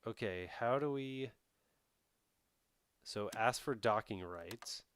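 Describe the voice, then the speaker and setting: A man's voice: on the low side, slow pace, a bit bright, slight background noise. A man streaming a strategy game, thinking aloud and chatting with his viewers in a casual way. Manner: thinks aloud, talks to chat. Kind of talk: casual live-stream commentary while playing a strategy game.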